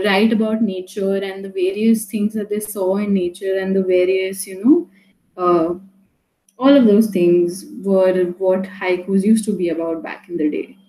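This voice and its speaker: A woman's voice: mid-range voice, dark tone, echoey room, low-quality recording. A woman teaching a live online poetry class, talking casually with many fillers and restarts, often checking in with "right?".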